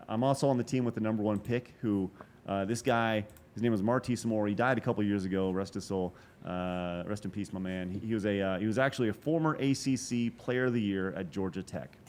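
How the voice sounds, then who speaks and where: A man in his forties telling a long story as a podcast guest, animated and profane, with quick asides and restarts. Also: fairly low pitch, a little hiss or hum. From Texas. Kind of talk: casual storytelling interview.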